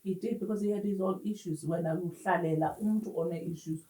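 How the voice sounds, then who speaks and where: Woman telling her story, lowish voice, kinda far from the mic in an echoey room. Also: steady tone, mellow. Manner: earnest, halting, mixes in Xhosa words. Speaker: interview guest. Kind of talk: personal testimony in conversation. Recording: roomy echo, distant mic.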